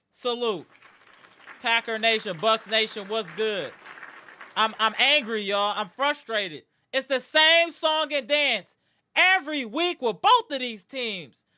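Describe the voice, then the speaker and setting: A woman's voice: a little high, animated, unhurried, sharp tone. A woman hosting a live sports reaction stream, ranting in anger and frustration with repeated outbursts. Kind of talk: live fan reaction rant.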